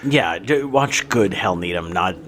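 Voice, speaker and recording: Lower-voiced easygoing podcast man. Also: expressive, measured pace, a bit bright, slight background noise. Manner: easygoing, lots of agreeing fillers. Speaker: podcast co-host. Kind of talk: casual chat.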